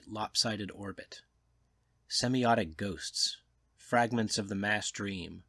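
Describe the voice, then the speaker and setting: A man reading a short story aloud in a measured, quiet, subdued narration. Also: fairly low pitch, no room sound, studio quality. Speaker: audiobook reader. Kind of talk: scripted narration.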